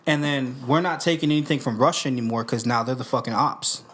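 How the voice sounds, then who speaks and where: A young man hosting a casual podcast into a studio microphone, talking in a profane, slangy, animated way. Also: mid-range voice, fast talker, breathy edge. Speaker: podcast host.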